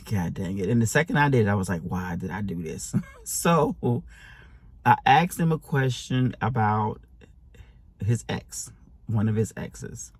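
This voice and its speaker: Husky-voiced man telling a personal story. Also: mid-range voice. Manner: earnest, rambling with frequent restarts; speaks self-affirmations to viewers. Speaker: relationship advice vlogger. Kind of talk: candid personal storytelling and advice.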